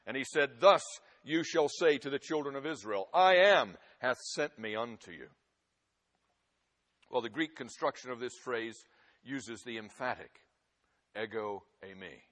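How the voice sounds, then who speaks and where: A man preaching a sermon, swinging from loud, forceful emphasis to hushed, quiet passages. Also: mid-range voice, lively intonation, a little slow. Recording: long hall reverb.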